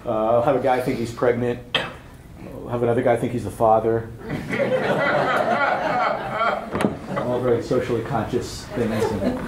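Male workshop speaker, chatty storyteller, medium pitch, recorded in a reverberant room with faint ambience. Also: noisy background. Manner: anecdotal, joking, chuckles at own stories; conversational, checks in with "right?". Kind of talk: live workshop talk with storytelling. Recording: roomy event hall with faint ambience.

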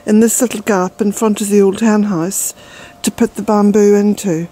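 A woman's voice: medium pitch, fairly even intonation, normal speed, warm tone, rough recording. An older woman from Ireland, a vlogger chatting outdoors in her garden, out of breath and rambling with fillers. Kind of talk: casual walk-and-talk narration.

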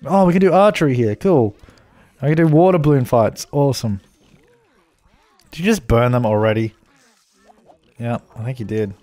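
A man's voice: mid-range voice, lively intonation, normal speed, pauses often, dark tone. A man giving casual, chatty commentary over a life-simulation game, laughing often and telling his characters what to do. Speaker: let's play host.

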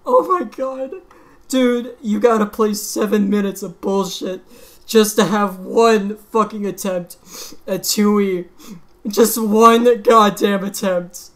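A woman gamer cries with joy as she talks about her result in an excited, casual vlog, swearing constantly, breathless and laughing through tears. Her voice is mid-range with a steady tone, and she takes it slowly.

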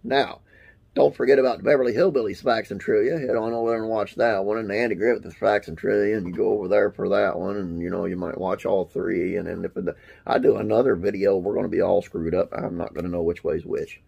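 A man with a low, husky voice reads classic TV trivia to his viewers. He talks in a folksy, rambling way, slips off into asides, and closes with religious blessings. A gravelly rasp runs under his words. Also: fairly even intonation, brisk, a little mellow, dull audio. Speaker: classic TV trivia channel host. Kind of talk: reading trivia to camera with casual asides.

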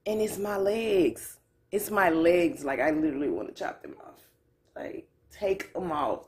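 A woman's voice: fairly low pitch, lively intonation, a little slow, darkish tone. A woman vlogging casually at home, candid and profane, in pain and close to tears, with a way of talking. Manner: candid, loose, profane, drawling. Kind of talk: casual vlog talk to camera. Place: at home on a couch.

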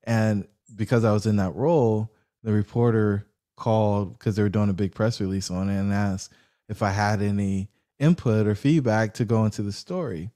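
A man being interviewed as a guest, telling a long story with lively pitch swings and acted-out quotes. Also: normal speed. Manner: animated storyteller acting out quoted voices. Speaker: guest, real estate investor.

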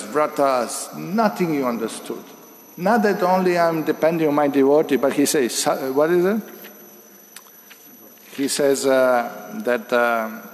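A man's voice: fairly high pitch, darkish tone. A man giving a devotional scripture lecture, telling stories and acting out their dialogue with many restarts. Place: temple hall. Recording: echoey hall with long reverb.

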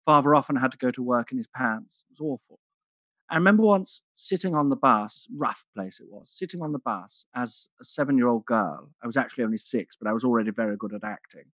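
A man's voice: mid-range voice, fairly quick, fairly bright tone, no room sound, natural voice. A man doing a stand-up character act as a vain, theatrical aging actress with a grand luvvie manner, calling everyone darling, on a dull, dry lo-fi recording. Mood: theatrical, grandiose. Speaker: character comedian.

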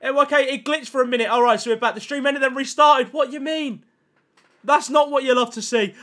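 Very high-pitched and brisk, a young gaming streamer chats casually and excitedly with viewers. He uses lots of slang, keeps thanking chat, and reacts loudly when opening packs.

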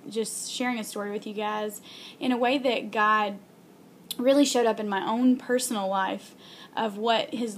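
A young woman in a casual vlog telling a heartfelt faith story, earnest and halting with many ums and restarts. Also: a little high, a little hiss or hum. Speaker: video blogger.

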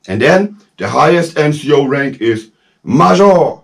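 Lively German-accented older man teaching. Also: a little high, measured pace, gravelly. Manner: animated, laughs often, drops into French phrases. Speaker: former legionnaire instructor. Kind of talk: casual spoken lesson.

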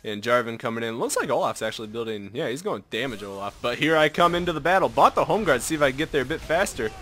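Excitable young man narrating his gameplay. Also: mid-range voice, fast talker, slight background noise. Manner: excitable, swings from mutters to yelps, self-mocking. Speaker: gameplay commentator. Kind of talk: casual live game commentary.

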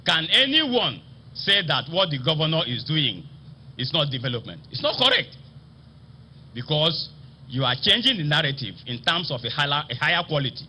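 A man with a Nigerian accent, a state assembly speaker, delivering a formal ceremonial speech in a slow, emphatic, oratorical manner. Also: on the high side, big pitch swings, sharp tone, slight background noise. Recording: slightly dull broadcast audio with faint ambience.

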